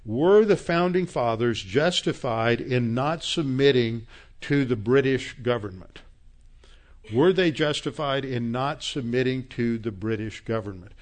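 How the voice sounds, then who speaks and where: A male pastor preaching from scripture at an ordinary pitch. He speaks emphatically and works up to angry scolding, then settles back into steady teaching. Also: measured pace. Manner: quotes scripture references. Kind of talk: sermon.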